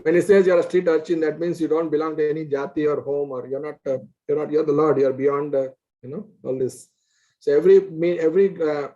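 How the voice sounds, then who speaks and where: A man's voice: on the high side, lo-fi sound. A man telling a devotional story, acting out the characters and laughing often. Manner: animated, acts out quoted characters, laughs often. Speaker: guest speaker. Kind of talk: storytelling religious talk.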